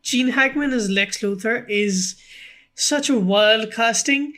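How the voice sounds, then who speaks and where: A podcast co-host in casual film chat, talking quickly and informally, with frequent "like"s and swearing. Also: medium pitch, bright, forceful tone.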